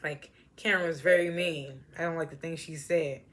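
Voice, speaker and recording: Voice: medium pitch, steady tone, a bit bright. A reviewer giving a casual, blunt episode recap, laughing often and acting out the characters' lines. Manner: acts out characters' lines with quick voice changes.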